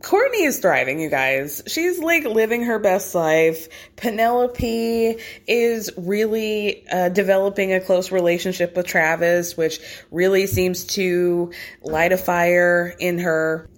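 A woman's voice: lowish voice, slow pace. A young woman casually recapping a reality show in a gossipy, chatty way, full of asides.

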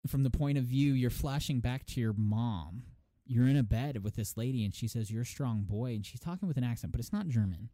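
A man's voice: medium pitch, fairly quick, no room sound, studio quality. A man co-hosting a casual podcast, retelling a story with lots of energy and frequent laughs. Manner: animated storytelling, laughs often. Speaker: podcast co-host. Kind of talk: casual chat.

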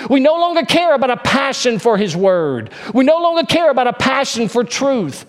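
A male pastor preaching a sermon in an earnest way, repeating key phrases for emphasis and dropping to a hushed, low tone on solemn points. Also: very animated, normal speed.

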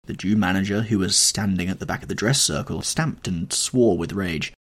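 Husky, expressive male storyteller. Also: sits low, moderate pace. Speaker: audiobook narrator. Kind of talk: scripted narration of a classic novel.

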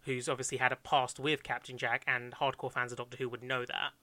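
A man's voice: medium pitch, flat delivery, fairly quick, pushed and bright. A man chatting casually about film ideas, hesitant with many restarts, a bit phlegmy.

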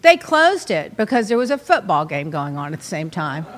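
A middle-aged woman hosting, telling a casual story in an animated, dramatic way with lots of exclamations. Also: lowish voice, normal speed. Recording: long reverb.

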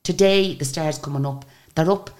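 With a voice that sits low and a moderate pace, an older woman who sings tells chatty stories in a radio interview. She retells her anecdotes with animation, performing the quoted dialogue.

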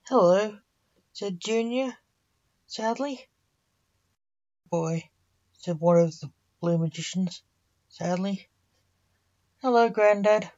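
A woman reading a story aloud in a slow, even storytelling manner. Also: mid-range voice, muffled recording.

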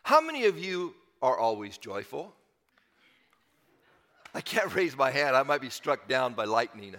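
A man's voice: medium pitch, big pitch swings, measured pace, sharp tone, in a large hall. A man preaching a sermon in an earnest, conversational way, repeating phrases and building to emphatic swells. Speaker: pastor.

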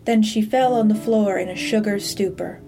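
A woman narrating a scripted dark-comedy story in a deliberate storytelling manner. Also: mid-range voice.

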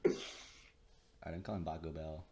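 A man's voice: very deep voice, fairly even intonation, unhurried, darkish tone, a little hiss or hum. A young man co-hosting a podcast, joking casually and laughing often. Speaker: podcast co-host. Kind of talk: casual prank-call chat.

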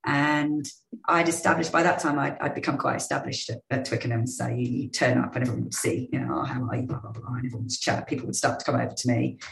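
A woman in her fifties from England, a former rugby player and sports journalist, telling lively anecdotes in a casual interview. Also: extremely low pitch, fast, gravelly, roomy sound, rough recording. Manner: lively storytelling with restarts.

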